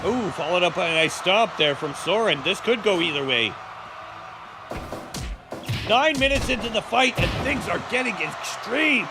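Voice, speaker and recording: A man hosting a live stream and calling a wrestling match with bombastic, profane, jokey play-by-play and sudden shouted calls. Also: high voice, sing-song, moderate pace, pauses often, music in the background.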